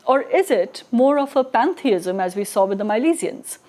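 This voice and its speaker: A woman lecturing on philosophy in a loose, conversational way, often checking in with tag questions. Her voice sits a little high for a woman. She restarts phrases as she thinks aloud. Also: expressive, normal speed, warm tone. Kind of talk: recorded lecture.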